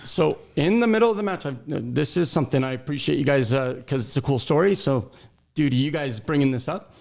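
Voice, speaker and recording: A man telling a story in casual chat on a sports podcast, animated and laughing as he talks. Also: a little high, a little fast, vocal fry.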